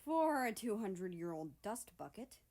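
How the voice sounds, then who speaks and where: A man's voice: high voice, big pitch swings, normal speed, darkish tone. A woman voicing an older man, a personified country and a father, with a dry, mocking way of talking.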